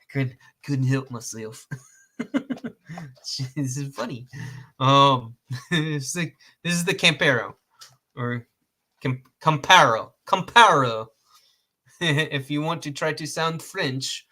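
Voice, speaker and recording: Guy rambling thru a gear review, slow talker, restarts a lot, laughs at his own jokes. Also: medium pitch, bright, forceful tone. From Georgia, US. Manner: rambling, self-correcting, laughs at own jokes, mild cursing. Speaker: host reviewing outdoor knives.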